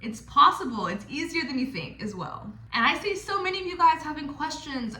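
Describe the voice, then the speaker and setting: A woman's voice: sits high, lively intonation, brisk, bright, forceful tone. A young woman giving casual, blunt and playful advice to other dancers, swearing freely. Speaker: stripper coaching other dancers. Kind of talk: casual direct-to-camera advice. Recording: echoey room.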